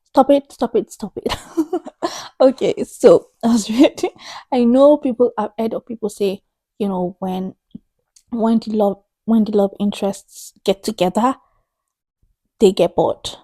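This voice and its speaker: Woman, thirties, book vlogger, emphatic, exasperated, mellow tone, dry close recording. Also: medium pitch, measured pace, long pauses, no echo. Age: 30s. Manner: emphatic, exasperated, repeats herself for effect. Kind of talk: chatty opinion vlog.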